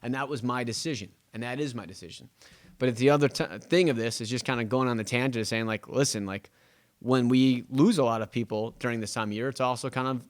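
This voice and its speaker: Young male host, fast rambling delivery that acts out client quotes, medium pitch. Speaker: real estate agent, podcast host. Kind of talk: casual monologue.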